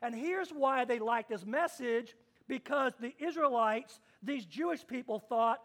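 A man's voice: very high voice, measured pace, a bit bright. A man pastor preaching a sermon to his congregation, dramatic and emphatic, repeating key phrases.

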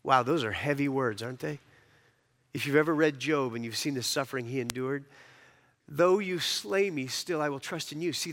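Man preaching in a reverberant hall. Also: on the high side. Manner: preaching with rising emphatic swells, dropping to quiet asides. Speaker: pastor. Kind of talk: sermon.

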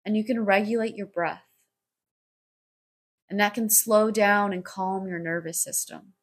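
A woman's voice: medium pitch, fairly even intonation, measured pace, breathy edge. A woman talking solo on her podcast in a rambling way, full of "like" and casual swearing. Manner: rambling, heavy on filler "like", frequent swearing. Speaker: podcast host.

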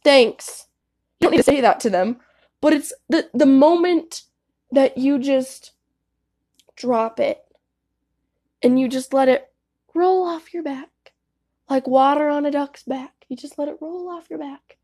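A woman's voice: sits high, unhurried, long pauses, mellow. A young woman giving candid, casual advice to her viewers, swearing freely and saying "like" a lot. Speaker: vlogger.

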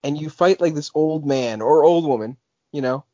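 A man's voice: fairly high pitch, normal speed, dark tone, no room sound. Rambling young man on a podcast. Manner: rambling, full of "like" and restarts. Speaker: podcast co-host. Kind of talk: casual chat. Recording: dull lo-fi podcast audio.

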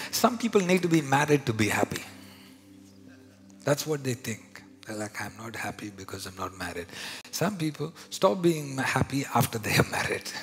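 Indian-accented man preaching in a church hall. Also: mid-range voice. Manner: swings from hushed whispers to loud declarations. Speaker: pastor. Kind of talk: sermon. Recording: live church hall with long reverb, music behind.

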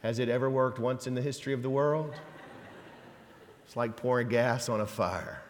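There's slight background noise as a pastor preaches in an echoey church sanctuary, his mid-range voice moving at a moderate pace with long pauses. The sermon is conversational, with folksy asides and emphatic quotes.

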